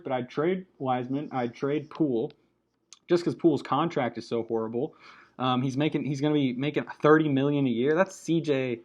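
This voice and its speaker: A man's voice: mid-range voice, dull audio. Blunt, annoyed man ranting about basketball. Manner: animated, blunt, swears, frequent restarts. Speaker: basketball commentator. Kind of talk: casual opinion rant.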